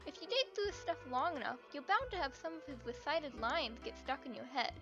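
A woman with a high, light voice reads a scripted documentary narration with earnest enthusiasm. The recording sounds a little dull, with faint music underneath. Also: animated, brisk. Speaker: video essay narrator.

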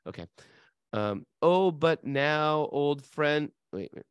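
A man's voice: on the high side, lively intonation, takes it slowly, clear, resonant tone, no room sound. A man co-hosting a casual spiritual talk, telling stories with animation and laughing easily. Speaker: podcast co-host. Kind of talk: casual spiritual chat, reading song lyrics.

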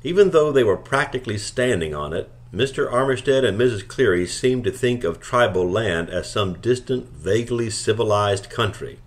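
A man reads a novel aloud in a calm, steady narration. His voice sits fairly low and unhurried, carrying the first-person story plainly. Scripted audiobook reading. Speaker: audiobook reader.

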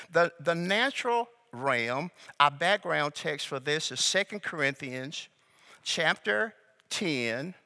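The pastor's voice is a little high and sharp as he teaches, placing slow, deliberate weight on key words. He prompts his congregation to say phrases back to him, and the hall adds a long reverb.

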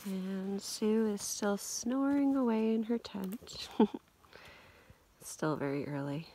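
A woman's voice: medium pitch, slow, warm tone. A woman camping vlogger chatting in a casual, upbeat way and laughing often at an outdoor lakeside campsite.

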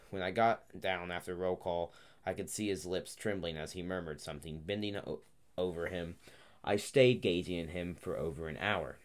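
Man, audiobook narration, very deep voice, halting, restarts phrases. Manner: halting, frequent restarts and self-corrections. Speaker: audiobook reader.

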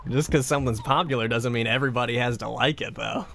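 A man's voice: mid-range voice, fast, gravelly, fairly bright tone, faint music behind. A man casually chatting on a livestream, rambling and self-deprecating as he reads and answers chat. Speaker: streamer.

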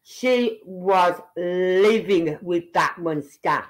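A woman's voice: fairly low pitch, drawn-out words, low-quality recording. A woman giving angry, blunt reaction commentary, heated and swearing as she talks to the people on screen. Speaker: online commentator.

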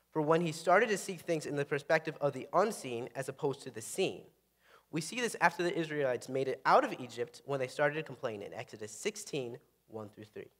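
A man's voice: on the high side, a bit bright. A young man giving a sermon, reading scripture aloud and adding casual, earnest asides. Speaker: preacher. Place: church sanctuary. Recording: reverberant hall.

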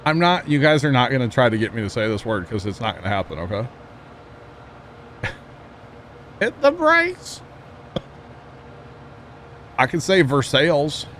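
Lively intonation marks this young Midwestern American streamer, whose mid-range, fairly bright voice moves fairly quickly as he chats with viewers during a game. He laughs frequently and jokes about himself, with a little hiss or hum on the recording.

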